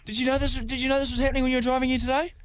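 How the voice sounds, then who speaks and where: A man co-hosting a radio show, bantering and teasing with a quick laugh while making prank calls. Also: very high voice, level tone, over music.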